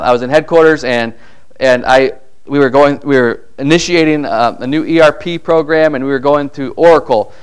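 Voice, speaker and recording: Middle-aged male pastor, smooth clear voice, conversational sermon in a church, acts out quoted voices. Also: mid-range voice.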